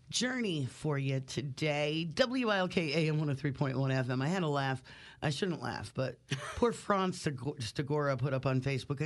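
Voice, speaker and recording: A man hosts a local radio show, a little high in pitch for a man. He chats loosely with studio guests and laughs at his own jokes. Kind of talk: casual radio interview. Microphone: studio microphone.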